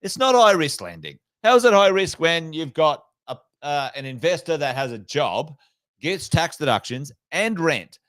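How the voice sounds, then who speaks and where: A man's voice: fairly high pitch, sing-song, normal speed, a bit bright, no room sound. An Australian man co-hosting a finance podcast, blunt and sweary, mocking officials in casual banter. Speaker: podcast co-host.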